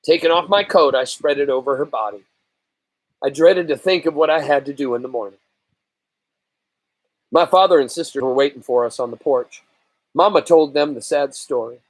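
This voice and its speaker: A man reading a novel aloud in a slow, earnest storytelling manner. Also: on the high side, no echo. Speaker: reader.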